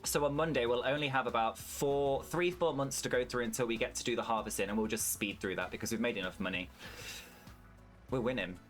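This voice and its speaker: British male streamer, casual and chatty, mid pitch, light swearing, faint music behind. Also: fairly quick. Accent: British English. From United Kingdom. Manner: chatty, swears freely, answers chat. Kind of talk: casual gameplay stream chat.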